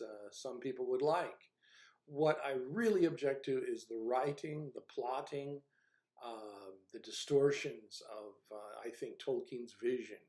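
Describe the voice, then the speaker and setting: A man's voice: mid-range voice, darkish tone, echoey room. A man giving casual spoken commentary as a video reviewer, rambling and hesitant with a wry, grumbling manner. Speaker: video essayist reviewing a TV series.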